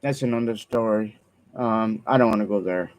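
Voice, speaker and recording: A man's voice: lowish voice, moderate pace, poor audio. A man talking alone to his viewers in an earnest, rambling way, repeating himself, apologizing and trailing off with ums. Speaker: vlogger. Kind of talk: rambling solo vlog monologue.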